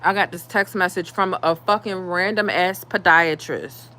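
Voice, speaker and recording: A woman ranting in a casual vlog, heated and profane, dropping to low mutters and rising to loud outbursts. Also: moderate pace, slight background noise. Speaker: vlogger.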